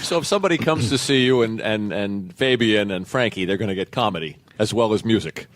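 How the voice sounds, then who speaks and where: A man's voice: lowish voice, a little fast, dry recording. Male podcast host asking short questions. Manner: brief prompting questions, supportive interjections. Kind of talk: interview questions.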